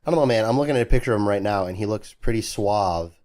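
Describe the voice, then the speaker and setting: Laid-back joking man, lowish voice. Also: racing, a little mellow, a little hiss or hum. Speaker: podcast co-host. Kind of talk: casual chat.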